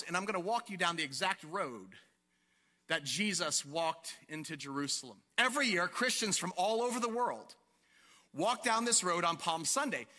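A male pastor preaching an animated sermon to his congregation, asking them questions and acting out the scene. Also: high voice, big-room sound. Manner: animated, asks the congregation questions and acts out quotes. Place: church sanctuary.

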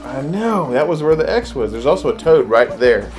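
A man playing a video game with his child, chatting casually and cheering excitedly, game music behind him. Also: medium pitch. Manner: excitable, cheers his kid on with rapid repeated urging. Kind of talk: casual gameplay chat.

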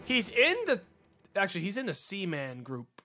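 Over background music, a gaming streamer with a high voice and big swings in pitch speaks at a moderate pace. He's playing a mystery game, casually reasoning aloud and addressing his chat while working through it.

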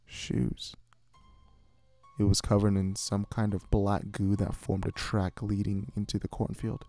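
A man giving a scripted horror story narration in a measured, hushed way. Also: fairly low pitch, gravelly, dry recording.

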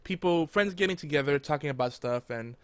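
Male host, relaxed chat, quick bursts, laughs a lot, dry close mic. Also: on the high side, clear, resonant tone, no echo. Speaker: podcast host. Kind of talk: casual chat.

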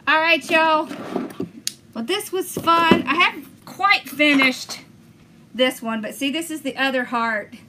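A woman's voice: high-pitched, measured pace, heavy background noise. A woman hosting a crafting video, chatting enthusiastically as she talks viewers through each step. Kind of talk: casual crafting demonstration.

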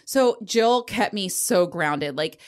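A woman's voice: mid-range voice, expressive, takes it slowly. A woman around forty hosting a podcast, telling a story in casual chat, candid, swearing freely and laughing as she goes. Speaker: podcast host.

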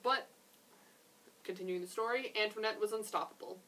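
A young woman, a children's librarian, reading a picture book aloud in a gentle, expressive way with chatty asides. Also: mid-range voice, moderate pace, far from the mic, a little hiss or hum, rough recording.

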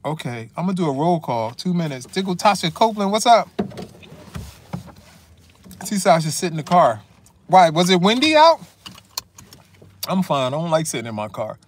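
Very animated and moving at a moderate pace with long pauses, a high-voiced man from Newark, New Jersey chats to his viewers while chewing. He's a vlogger filming a casual food vlog and sounds slightly sniffly. Faint wind noise comes from the windy outdoor parking lot.

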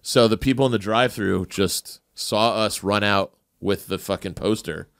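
A man's voice: lowish voice, moderate pace, creaky, a bit bright, no room sound, clean studio sound. A man from New Jersey telling a long, profane anecdote on a podcast, loose and rambling with lots of fillers. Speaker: podcast panelist. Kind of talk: casual podcast storytelling.

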